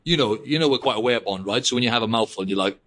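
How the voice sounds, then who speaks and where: A man's voice: medium pitch, very fast, a bit bright. A young man hosting a podcast, rambling casually and saying "mate" and "like" a lot. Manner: rambling, peppers speech with "mate" and "like". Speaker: podcast host. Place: living in Australia.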